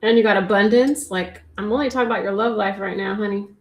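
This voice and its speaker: A woman's voice: medium pitch, fast, slight background noise. A woman giving a casual tarot reading on a livestream, chatty and giggly, sometimes dropping to a near-whisper. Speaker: tarot reader.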